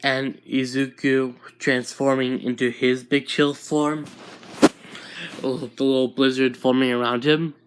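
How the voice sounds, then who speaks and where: Casual narrator, slow delivery, rambling fan story, chats to viewers. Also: mid-range voice, level tone, slight background noise.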